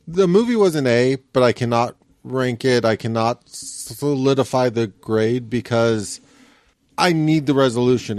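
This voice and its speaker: A man co-hosting a podcast in casual chat, talking in a thoughtful, measured way. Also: medium pitch, darkish tone, no room sound. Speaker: podcast co-host.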